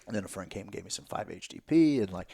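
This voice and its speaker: Male podcast guest, lowish voice, casual and animated storyteller, profane, drops to a near-whisper at times. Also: quick pace, vocal fry, husky.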